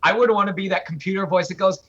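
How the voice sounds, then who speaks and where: A man's voice: high-pitched, fast, a bit bright, highs cut off. A man, a voice actor, chatting animatedly on a podcast and dropping into character voices. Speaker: voice actor guest. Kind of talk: casual podcast chat.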